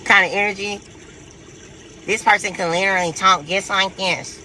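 Casual tarot vlogger, male, high bright voice, brash and profane, light hiss behind. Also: moderate pace, low-quality recording. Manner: profane, animated, laughs a lot. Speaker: tarot reader. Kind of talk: casual tarot reading for viewers.

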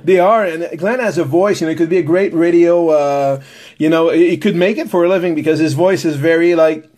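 A man's voice: a little high, a little fast, a little mellow. A man from Quebec, hosting a podcast in a chatty, filler-heavy way. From Quebec, Canada. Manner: friendly, chatty, frequent fillers and restarts. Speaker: podcast host. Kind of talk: casual podcast chat.

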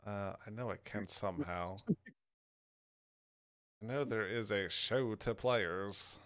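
Clear-voiced man running the game. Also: lowish voice, a bit bright, no echo, studio quality. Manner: halting, many fillers and restarts. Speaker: game master. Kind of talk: running a tabletop game over voice chat.

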